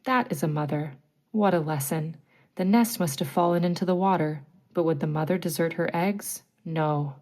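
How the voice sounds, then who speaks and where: A woman's voice: low voice, moderate pace, darkish tone, natural voice. A woman voicing a villainous male pirate captain who is proud and brooding, reading him in a stern storybook tone. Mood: solemn. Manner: stern, brooding, then shaken.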